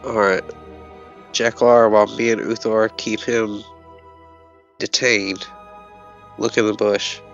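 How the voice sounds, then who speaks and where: A man's voice: lowish voice, level tone, slow pace, long pauses, a bit bright, lo-fi sound, soft background music. A man playing a tabletop game, speaking bluntly and aggressively, with swearing. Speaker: player.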